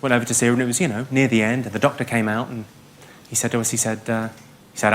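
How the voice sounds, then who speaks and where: A man doing stand-up comedy on a theatre stage, with a dry, quick and cutting delivery. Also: medium pitch, level tone, noisy background. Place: large theatre stage with a laughing audience. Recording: live theatre recording with loud audience laughter.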